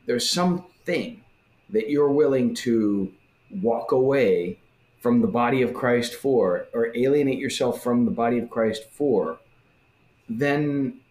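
Animated man in an echoey room. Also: mid-range voice. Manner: animated, acts out quoted voices. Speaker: speaker in a religious discussion. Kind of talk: casual religious discussion. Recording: roomy echo.

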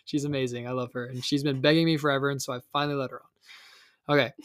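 A woman's voice: very deep voice, fairly even intonation, racing, dry recording, studio quality. A woman hosting a faith podcast, teasing and encouraging her younger sister as guest. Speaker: podcast host. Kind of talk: casual faith podcast chat.

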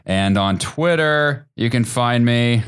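A man guest co-hosting a podcast in casual chat, halting and stammering as he restarts sentences. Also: medium pitch, animated, clean tone. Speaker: guest co-host.

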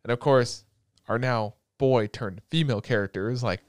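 Young man, casual host chat, animated and crude, joking, average pitch, dry close sound. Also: moderate pace, smooth, dry recording.

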